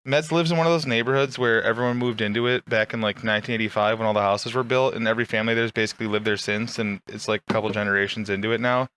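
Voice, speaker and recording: A man's voice: fairly low pitch, fairly even intonation, a bit bright, clear, resonant tone, no room sound. A young man hosting a podcast, talking crudely and joking in casual chat. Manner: crude, joking, quick to laugh. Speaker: podcast host.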